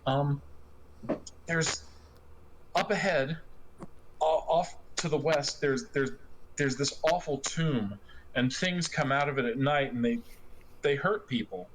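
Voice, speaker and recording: A man's voice: fairly high pitch, slow, pauses often. A man voicing a timid young peasant girl who stammers in rustic, folksy speech, over a noisy online voice chat. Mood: nervous.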